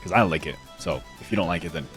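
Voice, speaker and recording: A man's voice: low voice, quick pace, fairly bright tone, faint music behind. A man giving casual, playful commentary on his game building, with self-mocking jokes and giggly asides. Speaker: gaming video creator.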